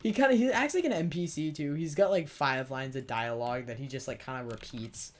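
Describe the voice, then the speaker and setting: A man's voice: a little high, brisk. A teenage boy hosting a gaming video, telling a rambling, sarcastic story full of swearing while he plays. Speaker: gaming channel host. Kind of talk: casual storytelling over gameplay.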